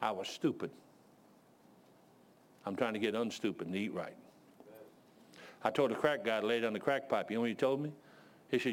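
A man preaching a sermon and telling animated stories, sometimes out of breath. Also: on the low side, normal speed, pauses often. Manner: animated storytelling, shouts voices of others.

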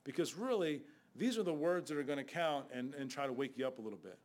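A man's voice: mid-range voice, expressive, quick pace, darkish tone. A man preaching a sermon in a blunt, conversational way, with sudden outbursts.

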